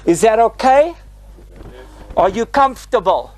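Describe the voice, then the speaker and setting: Poor audio captures a high-pitched South African man in his sixties, formerly a flight attendant, touring a group around a parked airliner cabin. He talks at a measured pace, lively and theatrical, peppering his lines with "eh?".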